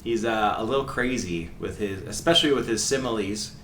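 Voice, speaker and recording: A man's voice: on the low side, brisk, fairly bright tone. A man co-hosting a soccer podcast in a casual, chatty way, laughing often. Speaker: podcast co-host. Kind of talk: casual chat. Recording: roomy echo, distant mic, faint hiss.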